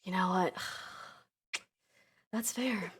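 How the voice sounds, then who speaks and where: A woman's voice: fairly low pitch, extremely slow, slightly rough. A woman narrating a tabletop game as game master, giggling and laughing often.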